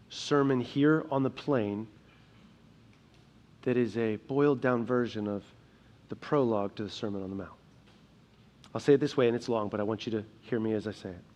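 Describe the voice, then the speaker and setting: A young adult man preaching a sermon as pastor, earnest, shifting between quiet emphasis and loud, urgent passages. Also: mid-range voice. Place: church sanctuary.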